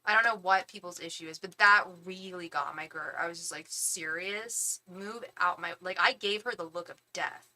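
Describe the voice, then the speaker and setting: A woman hosting a live tarot stream, telling a story in casual, animated chat, acting out what people said and swearing as she vents. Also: lowish voice, a little fast.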